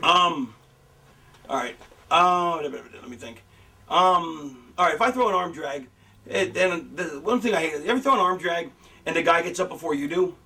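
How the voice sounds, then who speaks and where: A middle-aged man rambling casually with lots of swearing, acting out excited fan reactions as he explains wrestling booking. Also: normal speed, recorded from a distance. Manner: animated, acts out fan reactions in a higher voice. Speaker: former wrestler talking about booking. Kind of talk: casual rambling storytelling with profanity.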